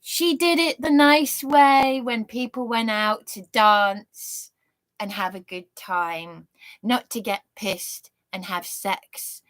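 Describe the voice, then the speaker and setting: A woman in her thirties delivers a slow, drawn-out livestream rant, indignant and full of swearing. Her voice sits a little high and carries a sarcastic edge. The sound is dry and close, with no room echo. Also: fairly bright tone. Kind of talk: angry monologue on a livestream.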